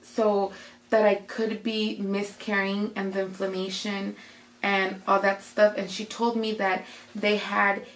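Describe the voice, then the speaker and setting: A young woman vlogger casually tells a personal story in a slow, mid-range voice with little pitch movement, acting out what people said as she goes. Her chatty retelling has a roomy echo.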